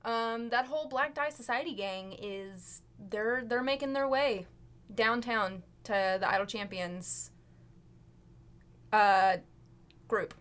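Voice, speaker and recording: Woman doing a goofy sponsor plug, slangy and silly, kinda high voice, slow. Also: fairly bright tone. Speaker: cast member reading a sponsor plug. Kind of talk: playful sponsor read.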